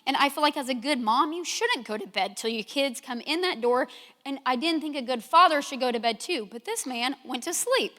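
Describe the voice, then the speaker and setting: A woman's voice: high voice, lively intonation, a little fast, fairly bright tone. A middle-aged woman giving a sermon, telling candid stories about her own life and acting out her own reactions. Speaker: speaker at a church gathering. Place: church sanctuary. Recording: long hall reverb.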